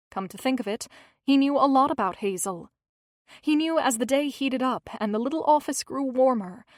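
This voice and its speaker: A woman's voice: medium pitch, no echo, studio quality. Woman narrating an audiobook.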